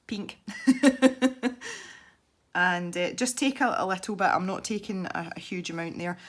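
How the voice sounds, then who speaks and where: This woman from Scotland has a lowish voice and takes her time, chatting unhurriedly while colouring. She demonstrates an art technique for her channel, wandering off topic and laughing freely.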